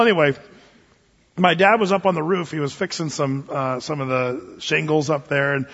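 A male pastor preaching a sermon in a relaxed, storytelling way, with frequent fillers and restarts. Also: a little high. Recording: dull sound in a long-reverb hall.

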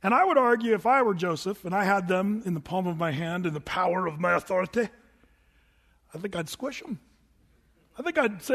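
A man preaching a sermon as pastor, animated and acting out voices with big pitch jumps. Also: moderate pace, slightly rough, in a large hall.

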